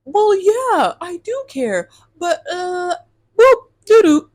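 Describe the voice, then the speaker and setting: A woman imitating a clueless, evasive young man, with a high, whiny and dismissive mocking voice. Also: very animated, takes it slowly, darkish tone, heavily acted.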